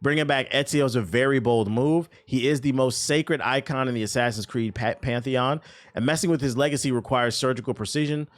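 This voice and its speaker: A man's voice: medium pitch, fairly quick. A man giving blunt, profanity-filled reaction commentary on gaming news, mocking what he reads aloud. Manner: blunt, animated, swears freely, mocks what he reads.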